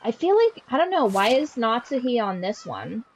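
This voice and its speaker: A woman's voice: fairly high pitch, sing-song, moderate pace, highs cut off, slight background noise. A woman streaming a game, chatting casually with sarcastic, profane jokes.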